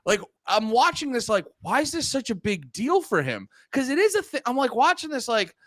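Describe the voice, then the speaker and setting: A man's voice: extremely high pitch, normal speed, dry recording, clean studio sound. A man chatting casually about movies as a podcast co-host, rambling and acting out his reactions. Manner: animated, rambling, acts out what he thought.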